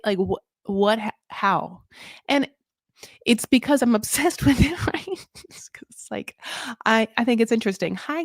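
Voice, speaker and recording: A woman with a medium-pitched voice hosts a live show recap, recorded with clean studio sound and no room sound. Her casual live-stream chat drifts around with many fillers, tangents and teasing asides at her own expense.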